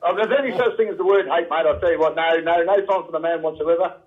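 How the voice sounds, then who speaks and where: A man's voice: a little high, quick pace, narrow, tinny audio. An older man with an Australian accent, calling in to a radio show and rambling in casual chat, calling people "mate" again and again. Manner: rambling, says "mate" constantly. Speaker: radio caller.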